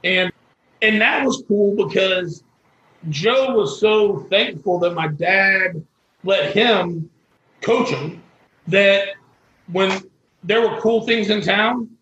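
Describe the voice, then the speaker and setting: A high-voiced man telling a story. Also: takes it slowly, long pauses, sharp tone, echoey room, dull audio, a little hiss or hum. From Florida. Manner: folksy and earnest, with quoted dialogue. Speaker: guest. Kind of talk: storytelling interview.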